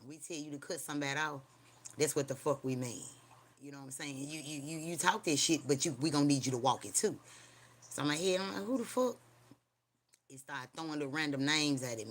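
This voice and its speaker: A livestream host talking casually from home, rambling and profane, mixing a spooky personal story with street preaching and often checking in with viewers. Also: medium pitch. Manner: rambling, slangy and profane, keeps asking viewers "you hear me?".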